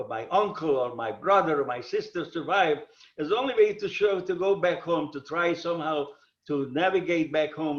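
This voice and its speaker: Halting older man telling his story. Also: a little high, echoey room, muffled recording. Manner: halting, repeats words and restarts often. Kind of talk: personal storytelling talk.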